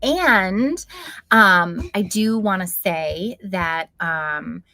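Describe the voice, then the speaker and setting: A woman's voice: on the low side, drawn-out words, poor audio. A woman hosting a casual livestream, reading viewer comments aloud and answering them in a reflective, spiritual way, with plenty of fillers. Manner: warm-hearted, spiritual, reflective, many fillers. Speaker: livestream host.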